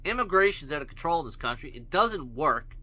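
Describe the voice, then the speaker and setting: A man rants in a high, piercing voice, with a hard, tense edge on every word. He is blunt and angry, swears freely and fires off rhetorical questions in his own vlog. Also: big pitch swings, brisk, pushed and bright. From Canada. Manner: angry, blunt, profane ranting. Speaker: vlogger. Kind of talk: solo rant to camera.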